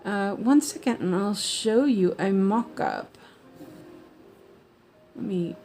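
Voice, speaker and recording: Slow-talking woman stitching and chatting. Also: mid-range voice, expressive, warm tone, faint music behind. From United States. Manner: rambling, many fillers and restarts. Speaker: cross-stitch vlogger. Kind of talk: casual chat while stitching.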